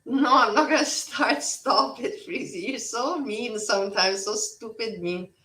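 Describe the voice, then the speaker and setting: A woman's voice: a little high, unhurried, sharp tone, roomy sound, far from the mic, a little hiss or hum, low-quality recording. A woman hosting a casual livestream chat, rambling and blunt, swearing freely. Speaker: livestream host.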